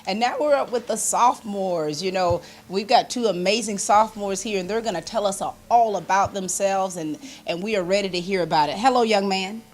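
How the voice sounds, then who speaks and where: A woman's voice: medium pitch, a little fast, hardly any pauses, slight background noise. A chatty woman hosting a local TV interview, laughing often. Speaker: host.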